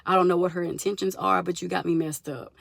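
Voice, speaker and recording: A young woman telling a story to her viewers in a casual, animated vlog, addressing them as y'all. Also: lowish voice, quick pace, vocal fry, no echo. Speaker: vlogger.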